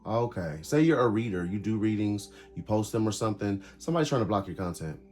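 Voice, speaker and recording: A man's voice: lowish voice, animated, fast talker, a little mellow, soft background music. A man giving a casual tarot reading, calling out cards in short emphatic bursts. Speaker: tarot reader.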